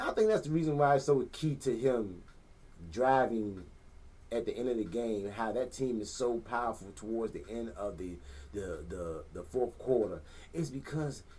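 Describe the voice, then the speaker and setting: A man hosting a sports podcast from a living room, talking casually in an animated, slangy, rambling way and repeating himself. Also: mid-range voice, normal speed, husky. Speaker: podcast host.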